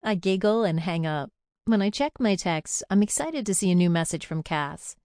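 Young woman reading a first-person audiobook, low smooth voice, dry close mic. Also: expressive, moderate pace, darkish tone, dry recording. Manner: chatty, confiding. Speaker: audiobook narrator.

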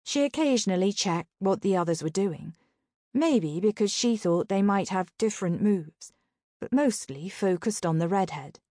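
A woman's voice: medium pitch, lively intonation, normal speed, warm tone, no echo. Woman narrating a novel, dry close voice. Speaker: audiobook narrator. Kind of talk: first-person novel narration.

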